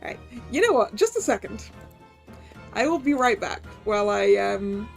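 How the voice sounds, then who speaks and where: A woman's voice: medium pitch, very animated, normal speed, gravelly, soft background music. A woman streaming a story game, chatting and laughing at herself while working out character voices. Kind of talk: game playthrough, reading voices aloud.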